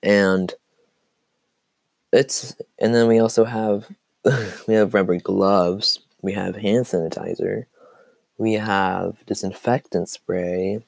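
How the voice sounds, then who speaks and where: Low, creaky teenage boy with a cough. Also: fairly even intonation, slow pace, pauses often, a little mellow, no echo. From Seattle area. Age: teens. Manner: rambling, full of "like" and "um". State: coughing, voice cracking. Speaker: podcast host. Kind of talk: casual solo podcast chat.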